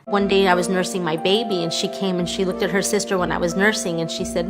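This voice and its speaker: A woman's voice: lowish voice, flat delivery, quick pace, hardly any pauses, music in the background. A woman, a mother, earnestly recounting a family story in an interview. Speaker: mother of a vegan child.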